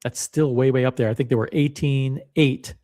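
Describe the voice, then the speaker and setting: In casual screen-share commentary, a watch channel host browses on screen and reads out listings, musing wryly. He speaks at a moderate pace with a medium-pitched, warm voice and fairly even intonation.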